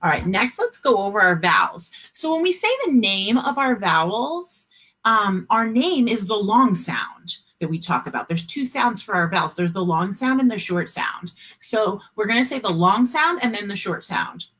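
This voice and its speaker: A woman teaching an online kindergarten class, modeling letter sounds slowly and cheering the children on. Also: mid-range voice, big pitch swings, fairly bright tone, husky. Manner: slow, encouraging, drawn-out sound modeling. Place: home, video meeting.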